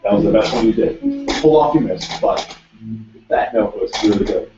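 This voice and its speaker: A man gives a one-on-one guitar lesson, direct and repetitive with his corrections. His voice sits a little low and comes from some way off the mic. The room echoes, the sound is dull and lo-fi, and guitar playing runs underneath. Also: animated, normal speed, far from the mic. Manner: direct, coaching, repeats instructions. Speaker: guitar teacher.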